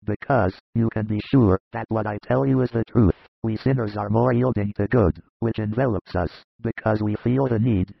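A man reading a gravelly fatherly old disciple. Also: fairly low pitch, moderate pace, few pauses, no room sound, dull audio, full character voice. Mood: earnest. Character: older male disciple, fatherly and earnest. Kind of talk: audiobook dramatized reading.

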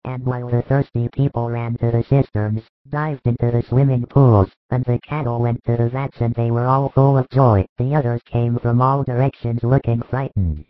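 A man giving a steady, solemn reading of a religious parable as scripted narration. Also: medium pitch, moderate pace, few pauses, dry recording. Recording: dry, tinny phone-like sound.

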